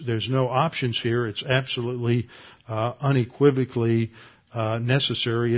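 Man teaching a sermon, dull recording. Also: mid-range voice. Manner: teaching, explains Greek grammar with filler words. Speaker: pastor. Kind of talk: expository sermon. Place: church room with congregation.

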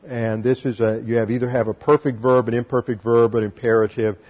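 A man's voice: medium pitch, little pitch movement, brisk, lo-fi sound. A man teaching a sermon as pastor, explaining Hebrew grammar step by step and spelling out letters.

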